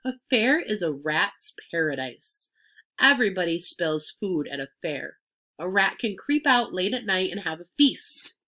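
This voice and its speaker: A woman's voice: on the low side, very animated, unhurried, sharp tone, full character voice. A woman reading aloud and voicing an old sheep who lists tempting treats in a coaxing way. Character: old storytelling sheep, female.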